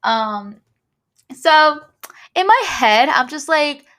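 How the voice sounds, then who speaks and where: A woman's voice: sits high, lively intonation, slow pace, bright, forceful tone. A woman hosting a podcast, telling a personal story in a heated, blunt way, swearing freely and retelling dialogue back and forth. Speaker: podcast host.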